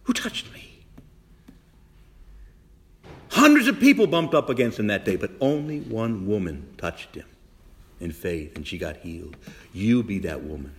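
A man's voice: fairly low pitch, normal speed. A middle-aged man, a priest, preaching a sermon with emphatic repetition and direct questions to the congregation. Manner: animated preaching, repeats phrases for emphasis.

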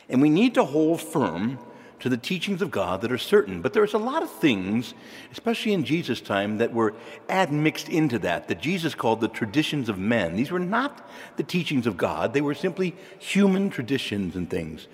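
A man's voice: medium pitch, very animated, normal speed, husky. A man preaching a sermon in a church, in a conversational way, putting questions to his listeners. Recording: long reverb of a large hall.

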